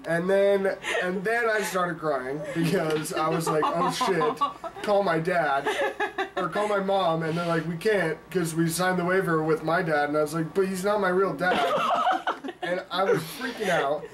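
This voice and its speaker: Among a group of chattering people, a teenage boy with a high voice tells a story at a measured pace in casual, improvised talk. He laughs through it, swears, and acts out what he said back then, picked up by a distant mic over the noisy crowd.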